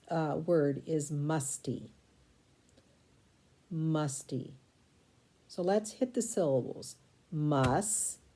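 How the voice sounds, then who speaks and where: A woman teaching a recorded spelling lesson, sounding out syllables slowly and spelling words letter by letter. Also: low voice, warm tone.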